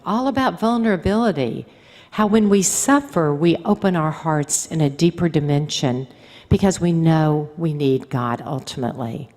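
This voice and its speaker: Speaking to a convention crowd in a large, reverberant hall, a woman who is a religious sister tells stories conversationally and acts out the quoted speech. Her voice is low-pitched and a little mellow.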